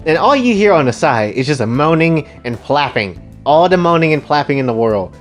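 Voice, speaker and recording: Excitable, rambling male storyteller. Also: a little high, brisk, faint music behind. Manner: rambling, crude, excitable asides to viewers. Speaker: storyteller, channel host. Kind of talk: casual comedic retelling.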